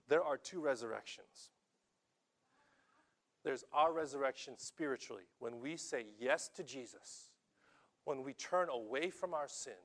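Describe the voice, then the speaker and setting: A middle-aged male pastor delivers a sermon in a somewhat high voice. He is animated and often stammers, repeating words as he goes. His delivery swings between loud, emphatic bursts and hushed, quiet lines.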